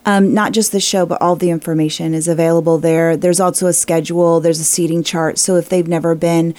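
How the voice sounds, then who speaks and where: A woman's voice: lowish voice, little pitch movement, brisk, mellow, dry recording. A woman from a theater talking in an interview, giving information in a friendly way with some fillers. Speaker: theater director. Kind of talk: casual interview.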